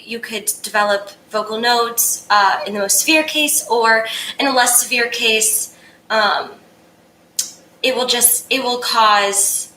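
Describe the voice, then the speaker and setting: A woman's voice: a little high, pushed and bright, roomy sound, slight background noise, poor audio. A young woman voice coach, upbeat and casual, answering viewers' singing questions and demonstrating exercises.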